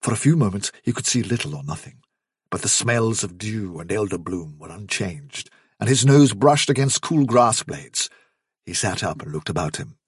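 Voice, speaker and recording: A male audiobook narrator telling a tale in a measured, hushed voice with a husky grain. His pitch moves in lively arcs, and the sound is dry and close. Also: dry recording. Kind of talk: scripted narration.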